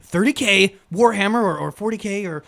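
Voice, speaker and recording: A man's voice: sits high, brisk, gravelly, bright, forceful tone. A man hosting a comedic podcast in a playful mock-newsman manner. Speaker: podcast host.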